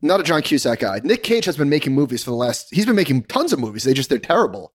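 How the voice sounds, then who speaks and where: A man's voice: medium pitch, fast. Playful, teasing male podcast co-host. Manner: playful, teasing, animated storyteller. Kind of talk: casual chat.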